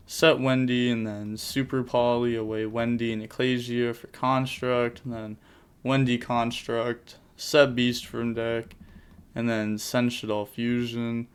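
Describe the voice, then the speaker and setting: Young guy narrating card game replays, smooth clear voice, middle pitch, rattles off plays fast. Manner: rattles off plays in quick bursts, jokey asides. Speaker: channel host commentating card game replays. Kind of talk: casual gameplay commentary.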